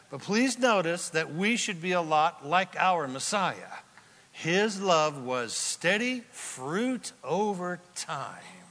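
A man preaching a sermon as a pastor, telling the story in a lively, joking way and acting out the quotes. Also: sits high. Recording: long hall reverb from a large room.

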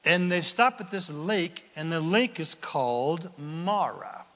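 Animated male preacher, high register, casual storytelling, recorded in a reverberant hall. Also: slow pace. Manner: animated, acts out Bible scenes with casual voices. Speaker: pastor. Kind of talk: sermon.

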